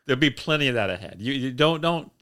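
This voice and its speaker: A man's voice: medium pitch, lively intonation, quick pace, fairly bright tone, no room sound, clean studio sound. A young man co-hosting a podcast in casual chat, wry and playing up the jokes. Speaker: podcast co-host.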